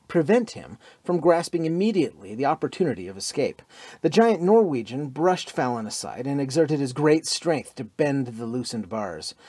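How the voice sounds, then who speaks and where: A man narrating a pulp adventure audiobook with a dramatic, expressive reading. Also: mid-range voice, no echo.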